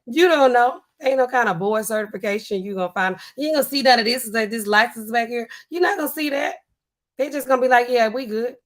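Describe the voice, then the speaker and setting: Woman, live stream host, casual animated chat, reads comments, slightly high voice. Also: fast. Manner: chatty, animated, African American Vernacular English (AAVE) style phrasing.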